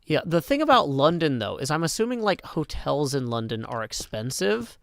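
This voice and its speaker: A man hosting a casual livestream, talking in a halting way full of ums and likes and cheerfully reading out viewer tips. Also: fairly high pitch, very animated, creaky, no echo. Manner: reads viewer tips aloud, upbeat. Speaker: livestream host.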